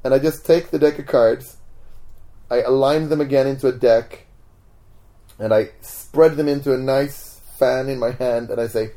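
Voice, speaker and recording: This magician, a man with a mid-range voice, is a guest in a relaxed interview at home. Moving at a moderate pace, he tells a story in a casual, chatty way, getting animated and slipping into the voices of its characters.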